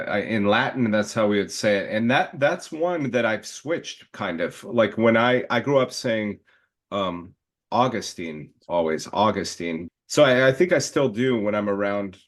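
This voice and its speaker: A man co-hosting a relaxed discussion, thinking aloud with many restarts and short laughs as he explains his teaching. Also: mid-range voice. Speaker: teacher and podcast co-host. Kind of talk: casual panel conversation.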